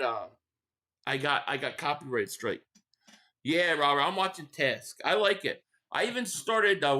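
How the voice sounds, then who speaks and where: A man's voice: fairly high pitch, pushed and bright. A man from the Philadelphia area live-streaming a football game, rambling in casual chat, reading out viewer messages and giving blunt fan opinions.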